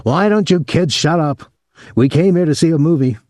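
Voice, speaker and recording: A man voicing an irritable adult soldier with a high tenor voice, gruff and annoyed. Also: normal speed, darkish tone, no room sound, clean studio sound, lightly acted.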